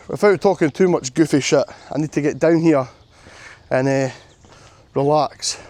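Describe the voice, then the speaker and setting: A man's voice: medium pitch, fairly even intonation, normal speed, dark tone. A man vlogging outdoors on a long walk, sore and worn out, chatty, self-mocking and swearing freely. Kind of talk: walking vlog to camera. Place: outdoors on a coastal path.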